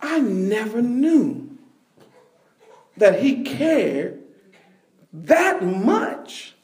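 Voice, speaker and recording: High-voiced animated male preacher. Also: extremely slow, echoey room. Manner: animated storytelling, bursts of shouting and laughter. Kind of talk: sermon.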